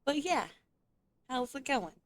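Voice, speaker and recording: A woman's voice: high-pitched, animated, slow pace. A woman streamer chatting casually and playfully, teasing her chat and laughing often. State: eating with a full mouth. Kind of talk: casual gaming livestream chat.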